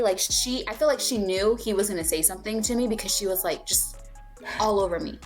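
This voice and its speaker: A young woman chats candidly on a podcast, retelling a story with plenty of swearing and acted-out dialogue. Her pitch sits in an ordinary middle range. Faint music plays underneath. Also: fairly quick. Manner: candid, swears freely, acts out quoted dialogue. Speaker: podcast co-host. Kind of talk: casual storytelling chat.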